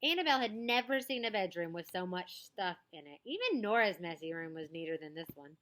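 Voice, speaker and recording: Bright-voiced woman reading a children's book. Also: fairly low pitch, sing-song, a little fast. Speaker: storybook reader. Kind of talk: children's book read-aloud with picture commentary.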